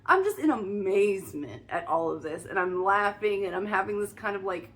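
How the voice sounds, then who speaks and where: Excitable woman telling a spiritual story. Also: mid-range voice, moderate pace. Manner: excited, emphatic, many restarts and fillers. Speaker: spiritual vlogger. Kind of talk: casual storytelling monologue.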